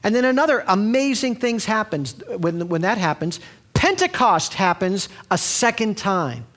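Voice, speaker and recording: A man preaching a sermon in a conversational, storytelling way, with frequent restarts. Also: a little slow. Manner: animated, sweeping pitch.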